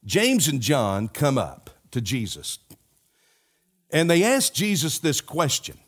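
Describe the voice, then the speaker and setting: A man's voice: fairly high pitch, wildly swooping pitch, takes it slowly. Older man preaching with earnest repetition. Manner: earnest, repetitive preaching cadence with folksy asides. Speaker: pastor. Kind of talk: sermon.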